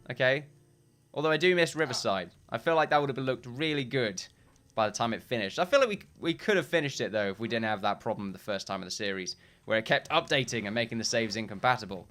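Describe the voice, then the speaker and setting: A man's voice: mid-range voice, lively intonation, fairly quick, fairly bright tone, faint music behind. A man giving casual gameplay commentary, rambling and correcting himself often, with short chuckles.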